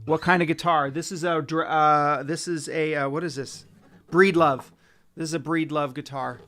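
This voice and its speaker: A man's voice: a little high, steady tone, moderate pace, pushed and bright. Rambling man teaching guitar on a livestream. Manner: rambling, friendly, greets viewers by name. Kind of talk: casual livestream guitar lesson. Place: home room, dim lighting. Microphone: livestream setup. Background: guitar playing.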